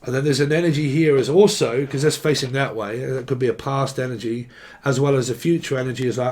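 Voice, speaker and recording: A man's voice: mid-range voice, fairly even intonation, quick pace, darkish tone. A man giving a casual tarot reading who rambles playfully, acts out quoted voices and swears freely. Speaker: tarot reader.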